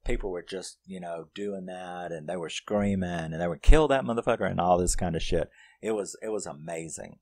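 A man with a very low voice reviews a horror film in loose, profane, animated storytelling. He walks through the plot scene by scene. The recording is dry and close, with no room echo. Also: moderate pace.

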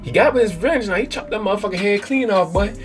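A young man hosting a gaming channel who recaps the story in rambling, excitable, profanity-laced slang. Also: high voice, fast. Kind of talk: let's-play commentary. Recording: game music in background.

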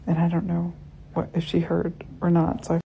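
A woman telling a short, awkward story about her boyfriend, deadpan. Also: lowish voice, normal speed, vocal fry, muffled recording, a little hiss or hum. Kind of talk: casual storytime.

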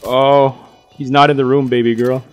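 A man co-hosting a game playthrough, excitable and full of crude jokes. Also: mid-range voice, moderate pace, faint music behind. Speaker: gamer co-host. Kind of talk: casual gaming banter.

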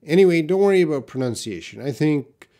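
A man's voice: fairly high pitch, lively intonation, a little fast, dark tone. A man teaching English in a live question-and-answer stream, reading out viewers' questions and modeling words for them to repeat.

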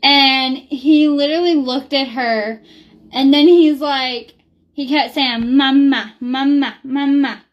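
A woman's voice: high voice, steady tone, takes it slowly, lo-fi sound. A young woman talking casually in a vlog, rambling with lots of ums and likes. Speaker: beauty product reviewer.

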